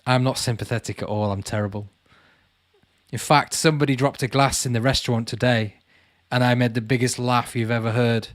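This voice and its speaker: A man's voice: mid-range voice, steady tone, brisk, no room sound. A man hosting a casual livestream, reading out viewers' comments and chatting back to them. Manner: chatty, calls viewers mate, reads comments aloud. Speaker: channel host answering live chat.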